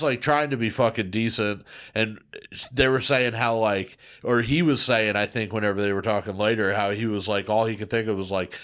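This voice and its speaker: A man's voice: fairly low pitch, a bit bright. A man co-hosting a podcast who rants in disbelief, swearing heavily as he talks. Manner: heated, incredulous, heavy swearing. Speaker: podcast co-host. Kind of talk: casual true-crime chat.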